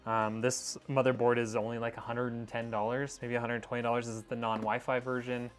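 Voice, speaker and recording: With a flat delivery and a mid-range voice, a man talks briskly over soft background music as he builds a PC. His casual live-stream chat is rambling and chatty, he calls his viewers "y'all," and he sounds slightly out of breath on his wireless clip-on mic.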